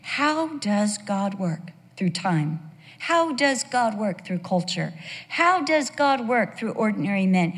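A woman teaching a Bible sermon to a women's group, conversational and animated, telling stories with rhetorical questions. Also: mid-range voice, slow, in a large hall.

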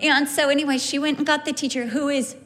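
A former kindergarten teacher, a woman, telling stories about her class in an animated way, acting out her pupils' voices. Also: high-pitched, fast talker. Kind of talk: personal storytelling.

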